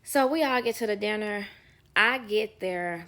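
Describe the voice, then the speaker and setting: A woman's voice: mid-range voice, unhurried. A woman nanny telling work stories in a casual, sassy storytime, acting out the people in them and dropping to a whisper for asides. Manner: animated, sassy, acts out quoted people.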